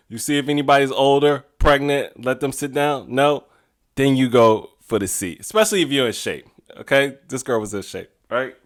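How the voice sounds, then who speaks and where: A man's voice: mid-range voice, a bit bright. A man hosting a podcast, telling rambling stories in a casual way and laughing often. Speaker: podcast host. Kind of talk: casual storytelling monologue.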